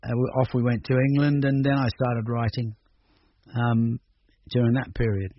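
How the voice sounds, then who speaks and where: A man's voice: mid-range voice, steady tone, moderate pace, no room sound. An older man from Australia, talking through his music career in a rambling, hesitant radio interview full of restarts. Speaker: musician guest. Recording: dull radio recording with faint noise.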